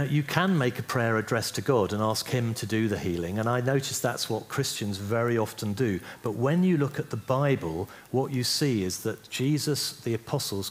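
Teaching a church group about healing prayer, this preacher speaks in a medium-pitched voice with lively intonation at a moderate pace. His tone is conversational, and he frequently asks "yeah?" to check in.

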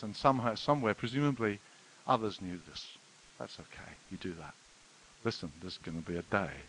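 A middle-aged man preaching a sermon, telling stories with sudden loud exclamations and hushed, earnest passages. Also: on the low side, a little fast, low-quality recording. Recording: faint hiss.

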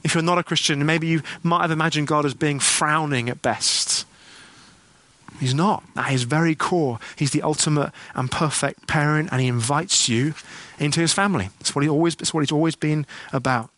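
A man's voice: on the high side, normal speed, a bit bright, no room sound. Earnest man preaching conversationally. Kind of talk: sermon.

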